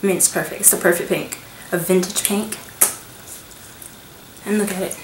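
A woman's voice: mid-range voice, steady tone, racing, reverberant, background noise. A woman beauty vlogger giving a gushing, chatty product review, sometimes dropping into a whisper.

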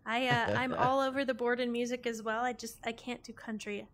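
A woman's voice: on the high side, flat delivery, brisk, fairly bright tone. Upbeat woman hosting an interview. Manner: friendly, laughs often, asks questions. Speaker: interview host. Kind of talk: casual interview chat.

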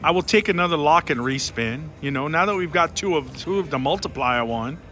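A man giving excited running commentary on a slot machine as he plays, talking to his viewers and pleading with the machine, on a casino floor. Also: on the high side, fairly quick. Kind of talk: casual live commentary while gambling. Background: casino music.

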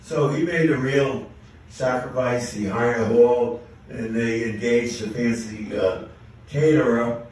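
A man in his nineties telling joke stories at a comedy event, halting with many fillers. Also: medium pitch, a little mellow, heavy reverb, distant mic, a little hiss or hum, low-quality recording. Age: 90s. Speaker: amateur stand-up comic.

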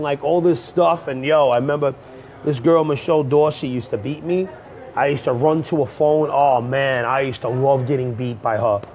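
A man's voice: a little high, dull audio. A man in his thirties getting over a cold, chatting loosely and jokingly to viewers on a livestream, calling everyone "bro" and slipping into rap. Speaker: livestream host and rapper. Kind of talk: casual livestream chat to viewers.

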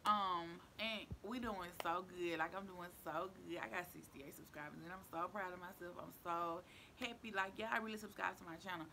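Gravelly-voiced woman vlogging, chatty and playful, repeats herself a lot. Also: fairly low pitch, steady tone, normal speed, background noise. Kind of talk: casual chat to camera.

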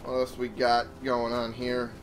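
Slow-talking man swearing through a game. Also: mid-range voice, completely flat delivery. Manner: chatty, swears freely, thinks aloud. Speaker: let's play host. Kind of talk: casual gameplay commentary. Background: game music.

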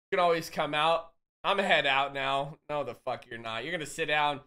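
With a sharp, rather high voice, lively intonation and a normal pace, a man streams and banters loosely with his audience. He swears, jokes, teases, and reads viewers' chat messages out loud before responding.

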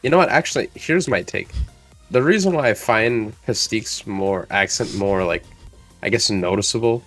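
Male co-host with a lowish voice, argues his point and hedges with fillers. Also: normal speed, a bit bright, soft background music. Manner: argumentative, hedging with fillers. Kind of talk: casual chat.

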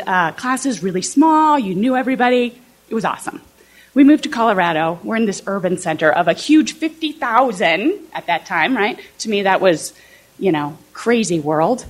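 A woman professor from southern Illinois giving a conversational talk to fellow teachers, often checking in with the audience. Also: fairly low pitch. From southern Illinois, USA. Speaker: political science professor.

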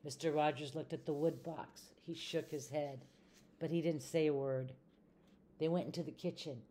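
An older woman, a retired teacher, reading a children's storybook aloud in a gentle, expressive way. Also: low voice, normal speed.

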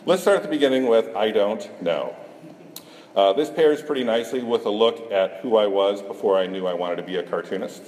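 Speaking briskly in a fairly low, darkish voice, this middle-aged Iowa cartoonist pokes fun at himself and trades jokes with the crowd at a conference. The recording picks up the hall's echo and some faint room noise.

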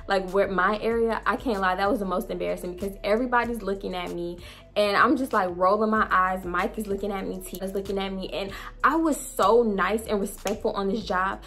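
A young woman vlogger telling a storytime tale in a blunt, profane, animated way, with faint music behind her. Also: medium pitch. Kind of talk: storytime vlog.

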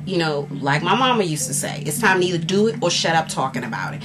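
A woman's voice: lowish voice, fast talker, music in the background. A sore, frustrated woman vlogging at home, talking candidly and animatedly in a casual rant to the camera, full of fillers and restarts. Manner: animated, exasperated, candid with fillers and self-interruptions. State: sore and frustrated after a workout. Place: at home, indoors.

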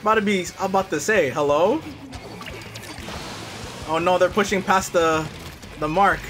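A man streaming live gameplay, talking to his teammates and viewers and loudly trash-talking opponents. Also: high-pitched, moderate pace, faint music behind. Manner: excitable, yells and trash-talks at opponents.

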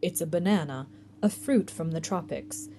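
A woman voicing a calm, mysterious male guardian of a graveyard in a measured storybook reading. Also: on the low side, slight background noise, close to an everyday voice.

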